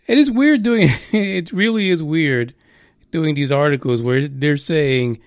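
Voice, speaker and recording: A man's voice: on the high side, unhurried, dry recording, studio quality. Profane, rambling male podcast host. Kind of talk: casual news chat.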